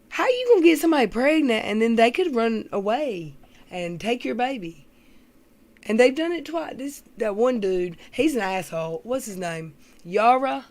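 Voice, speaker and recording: Gossipy woman streamer. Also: mid-range voice. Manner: gossipy, blunt, rambling, frequent ums. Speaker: livestream host. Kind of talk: casual chat with live viewers.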